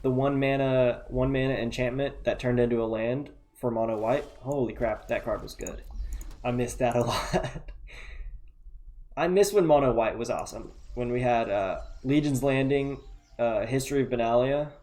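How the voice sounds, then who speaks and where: A man giving relaxed, chatty play-by-play of a card game, thinking aloud and muttering asides to himself. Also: mid-range voice, moderate pace. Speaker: gameplay commentator.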